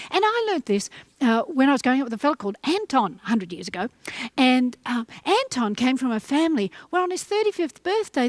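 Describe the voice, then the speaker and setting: A middle-aged woman giving a motivational talk to camera, animated and acting out little voices as she goes. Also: sits high, dry recording. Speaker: motivational speaker.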